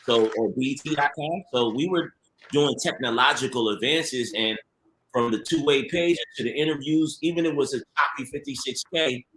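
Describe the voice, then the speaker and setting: Animated guy telling producer stories, bright voice, slangy, roomy echo. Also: medium pitch, moderate pace, a little hiss or hum. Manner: animated storyteller, laughs often, slangy. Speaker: TV producer guest. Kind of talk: casual podcast conversation.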